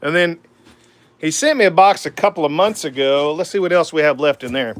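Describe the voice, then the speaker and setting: A slightly fast, higher-pitched man in his forties hosts a woodturning livestream from his home shop next to the lathe. With an Oklahoma accent, he answers viewer comments in an easy, rambling way packed with "man" and "uh."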